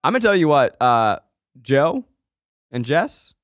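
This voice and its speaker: A man co-hosting a podcast in casual chat, animated and emphatic, swearing freely. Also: on the high side, measured pace, dry recording, studio quality. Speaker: podcast co-host.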